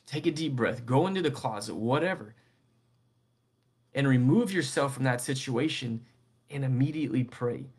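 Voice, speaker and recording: Casual young preacher man. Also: medium pitch. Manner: conversational, keeps asking "right?". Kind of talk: casual sermon.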